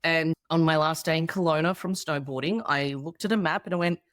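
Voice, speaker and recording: A woman's voice: low-pitched, brisk, dry recording, clean studio sound. An Australian woman in her thirties, a guest comedian in a casual interview chat, telling stories with animation and acting out the people she quotes.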